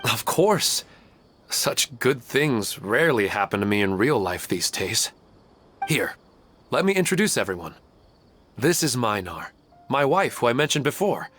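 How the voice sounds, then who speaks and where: A man's voice: medium pitch, sing-song, a little slow, a bit bright, a little hiss or hum. An actor playing an earnest, plain-spoken husband and father in a video game, speaking in a heartfelt way. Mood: warm.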